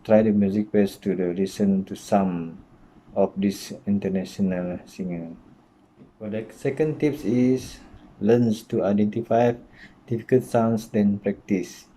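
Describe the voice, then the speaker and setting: Slow, dark-voiced man giving language tips. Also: fairly low pitch, low-quality recording. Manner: hesitant, many uh fillers and grammar slips. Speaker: English pronunciation teacher. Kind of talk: instructional talk.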